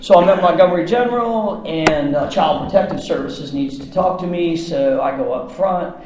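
Man, fairly high voice, gritty profane storyteller, very roomy echo. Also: moderate pace, background noise. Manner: rough-edged, profane, talks in run-on bursts. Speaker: storyteller recounting his past. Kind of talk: candid personal story. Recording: very echoey room.

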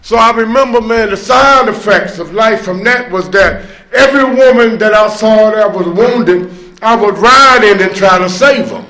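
A man's voice: high-pitched, moderate pace, bright, forceful tone, roomy sound. A man sharing his recovery testimony at a meeting, telling his story conversationally with many fillers, bursts of emphasis and rueful laughs. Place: meeting room.

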